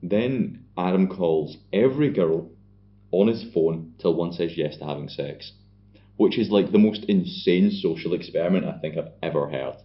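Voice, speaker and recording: A man's voice: deep voice, normal speed. A man co-hosting a podcast, recapping a film in a sardonic, sweary casual chat. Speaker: podcast co-host. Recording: dull lo-fi podcast audio.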